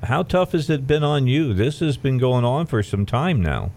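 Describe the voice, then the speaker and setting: A man hosting a radio talk show, chatting with his guests in a halting, conversational way with many fillers and upbeat station breaks. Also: mid-range voice, lively intonation, darkish tone.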